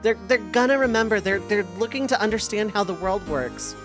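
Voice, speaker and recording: A young woman streamer rambles casually over her gameplay, circling back and restarting her sentences. Her voice sits at a middle pitch, with faint game music behind her. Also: brisk. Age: young adult. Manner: rambling, filler-heavy, with repeated restarts. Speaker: let's play streamer.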